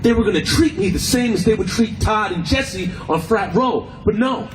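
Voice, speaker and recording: A man's voice: high voice, animated, normal speed. A man, a film actor, speaking at a protest with a conversational, pointed and sarcastic manner. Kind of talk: rally speech. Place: outdoor protest by a street. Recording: outdoor street with traffic noise.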